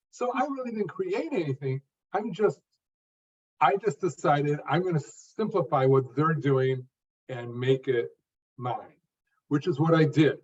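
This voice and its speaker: Older man speaking in deliberate phrases. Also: a little high, far from the mic, highs cut off. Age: 50s or older. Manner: speaks in distinct phrases, stressing a word near each phrase end. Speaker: stuttering coach and guest. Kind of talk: interview answer, explaining his method.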